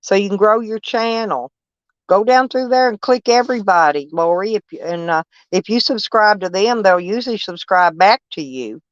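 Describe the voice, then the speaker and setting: A woman's voice: medium pitch, normal speed, no room sound. An older woman, chatting casually with live-stream viewers in a rambling, folksy, blunt way with frequent swearing. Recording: dull, dry lo-fi stream audio.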